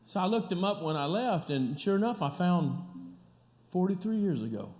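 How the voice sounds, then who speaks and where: Man, middle-aged, pastor, sermon story, animated, somewhat high voice, repeats himself. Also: normal speed. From Kansas City area, US. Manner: animated, chatty, many restarts and repeats.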